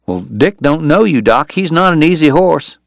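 A man voicing a gruff frontier lawman who speaks bluntly in short phrases. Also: fairly high pitch, animated, moderate pace, no room sound, studio quality, voice pushed up. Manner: blunt, clipped.

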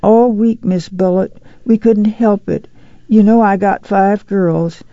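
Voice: medium pitch, slow pace, mellow, dry recording, dull audio, voice pushed up. A reader doing a meek, whining mother. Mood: pleading. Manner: timid, whining, pleading. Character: meek poor ashamed mother.

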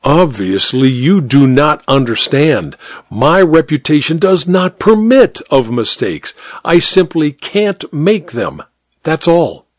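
A man's voice: on the high side, very animated, takes it slowly, no echo, clean studio sound, full character voice. A man doing a cold, clipped doctor. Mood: stiff. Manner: clipped and stiff. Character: cold, proud, nervous doctor, adult man.

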